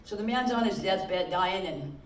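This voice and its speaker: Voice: medium pitch, unhurried. Older comic joking in an echoey hall. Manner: self-deprecating, admits nerves, laughs at own punchlines. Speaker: talent show contestant. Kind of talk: stand-up joke telling. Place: senior center hall. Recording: echoey hall, mic far off.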